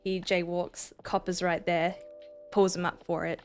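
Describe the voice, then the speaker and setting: A woman's voice: lowish voice, flat delivery, unhurried, faint music behind. A young woman co-hosting a podcast, chatting casually and rambling through stories with lots of fillers. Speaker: podcast co-host. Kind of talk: casual chat.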